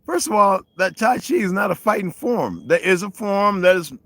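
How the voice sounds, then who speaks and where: A man's voice: high voice, moderate pace, dry recording, rough recording. A man livestreaming outdoors, rambling casually to his chat, swearing a lot and laughing often. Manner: profane, animated, laughs often. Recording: loud outdoor background noise.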